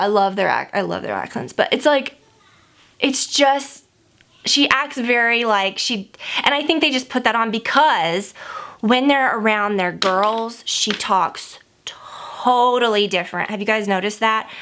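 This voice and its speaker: A woman's voice: a little high, animated, normal speed, fairly bright tone. Chatty woman rambling while doing makeup. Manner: chatty and rambling, heavy use of "like". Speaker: beauty vlogger. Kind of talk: casual gossip chat while doing makeup.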